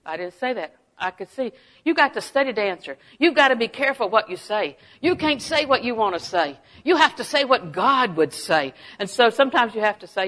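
A middle-aged woman preaching a sermon, folksy and animated, often laughing and dropping to a hush for asides. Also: medium pitch, moderate pace, low-quality recording. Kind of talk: sermon with personal stories.

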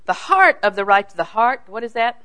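An older woman teaching a sermon on scripture in a folksy, animated way, swinging between loud emphasis and hushed asides. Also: on the high side, normal speed. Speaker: Bible teacher.

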